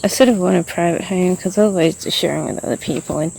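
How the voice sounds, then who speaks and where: A woman's voice: on the low side, quick pace, gravelly, mellow, a little hiss or hum. A woman vlogging outdoors as she walks around, rambling and frustrated, full of fillers. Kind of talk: venting vlog monologue.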